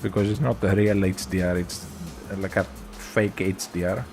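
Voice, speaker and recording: A man with a Greek accent, chatting casually with his viewers while streaming a racing game, in a relaxed, rambling way. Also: deep voice, normal speed, soft background music. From Greece. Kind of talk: casual gameplay chat.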